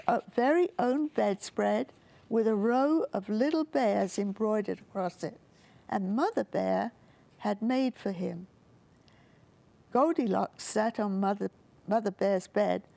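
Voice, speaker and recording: A woman reading a children's story aloud in a gentle, expressive storytelling manner. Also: medium pitch, vocal fry.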